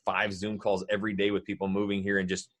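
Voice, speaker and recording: Male agent guest, lowish voice, animated and profane storyteller. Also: quick pace. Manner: animated, swearing, full of storytelling. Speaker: real estate agent guest. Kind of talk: casual podcast chat.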